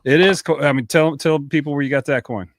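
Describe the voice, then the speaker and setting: A man on a podcast giving relaxed shout-outs with lots of "uh" fillers. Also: a little high, brisk, no room sound. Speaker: podcast co-host.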